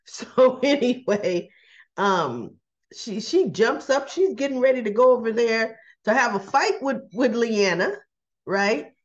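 A woman hosting a casual soap opera recap, chatty and quick to act out the characters' lines with little laughs. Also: on the high side, animated, lo-fi sound. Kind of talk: casual chat.

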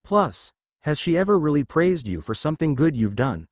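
A man putting on a shy teenage girl ninja for a story reading, soft and earnest in his own near-natural voice. The sound is close and dry, with lively pitch. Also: normal speed, no echo.

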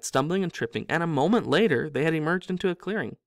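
A man's voice: on the high side, expressive, fast, few pauses, no room sound, clean studio sound. A man reading a novel aloud as a storyteller, with small slips that he corrects himself. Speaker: reader.

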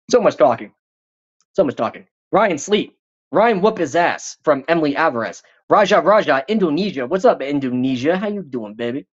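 A man runs a live stream and talks through viewer comments in a casual, rambling way. He swears freely and jokes constantly. His pitch leaps and swoops, and the audio is dull and lo-fi. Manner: profane, rambling, joking and hyped.

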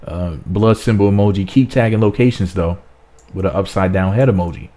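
A man's voice: low-pitched, brisk, dark tone. A man hosting a gossip commentary, casually reading out posts in a wry, offhand way with some hesitation. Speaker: entertainment gossip host.

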